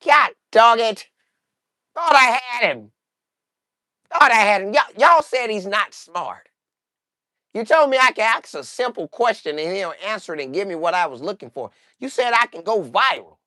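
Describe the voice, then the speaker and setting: A scheming old sports reporter, as a man puts him on, grumbles in a halting, whiny mutter. His voice rises and falls a lot, and it sounds dry and close. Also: sits high, sharp tone, dry recording, full character voice. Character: fumbling, scheming older male sports reporter.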